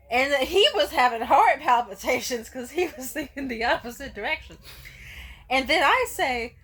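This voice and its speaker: Bright, profane young woman telling a story. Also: high-pitched, expressive, moderate pace, husky. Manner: candid, profane, laughing often. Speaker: vlogger. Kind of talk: casual storytime monologue.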